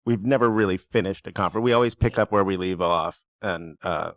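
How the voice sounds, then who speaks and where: A man's voice: sits low, fairly quick, dry recording. A man guesting on a podcast, chatting casually into a close microphone with a wry, self-deprecating humor. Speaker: guest actor. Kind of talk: casual chat.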